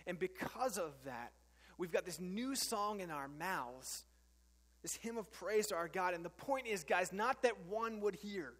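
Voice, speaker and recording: Earnest high-voiced preacher in a reverberant hall. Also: male voice, a bit bright. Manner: earnest, conversational, with frequent fillers and restarts. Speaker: pastor. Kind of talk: sermon.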